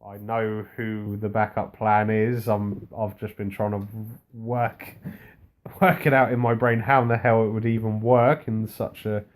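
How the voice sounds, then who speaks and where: A man's voice: lowish voice, level tone, unhurried. A man co-hosting a casual wrestling recap, laid-back and dry, rambling through the show's events. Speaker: podcast co-host.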